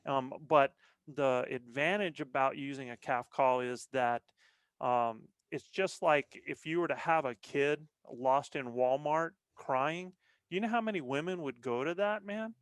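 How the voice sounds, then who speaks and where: A man's voice: medium pitch, measured pace, clean tone, dry recording. A man talking as a podcast guest, explaining things earnestly in a casual chat with frequent restarts. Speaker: podcast guest, veteran elk bowhunter.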